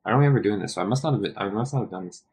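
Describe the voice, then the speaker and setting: A man thinking aloud while studying, hesitant and questioning himself, often trailing off into a quiet mutter. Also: on the low side, very fast, breathy edge. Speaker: streamer studying Italian.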